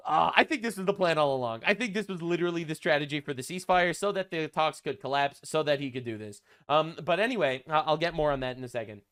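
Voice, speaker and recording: Sarcastic high-voiced male commentator. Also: fast talker, hardly any pauses, a bit bright, clear, resonant tone. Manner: sarcastic, crude and mocking. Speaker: commentary vlogger.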